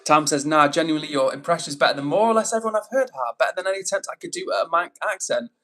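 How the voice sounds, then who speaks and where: A man's voice: on the high side, racing, a bit bright. A young Englishman hosting a live stream, reading out viewer comments and greeting each person by name in a friendly, casual way. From England.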